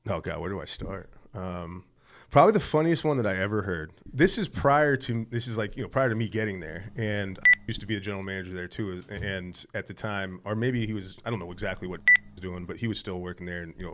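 A man's voice: sits low, fast, heavy background noise. A man telling a long, rambling story in casual, profane chat, laughing as he goes. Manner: rambling, profane, laughs through his stories.

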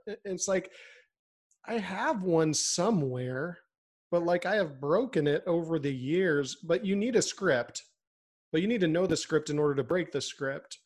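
A fairly high-voiced man co-hosting a business podcast. He talks in a loose, conversational way and breaks into lively mimicry of customers. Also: normal speed. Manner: animated, acts out customer voices. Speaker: podcast co-host. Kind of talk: casual chat.

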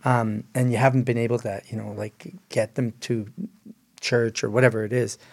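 Gravelly rambling man co-host. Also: medium pitch, flat delivery, normal speed. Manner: rambling, explanatory, many fillers. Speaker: podcast co-host. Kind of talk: casual ministry discussion.

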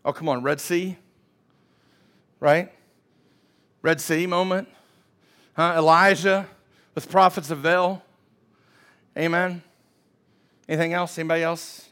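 A man's voice: high-pitched, steady tone, a little slow, long pauses, sharp tone, smooth. A man preaching a sermon as pastor, emphatic and calling out to his congregation for responses.

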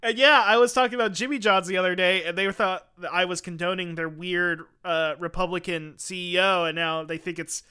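A man's voice: sits high, fairly even intonation, brisk, hardly any pauses, bright, forceful tone, clear, resonant tone. A man hosting a casual comedy podcast, rambling through absurd bits and laughing often. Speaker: podcast host.

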